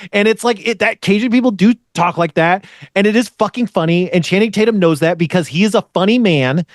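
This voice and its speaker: A man's voice: sits high, a little fast, hardly any pauses, dry recording, studio quality. A man hosting a podcast in casual chat, rambling and swearing as he rants. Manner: rambling, profane, ranting. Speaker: podcast host.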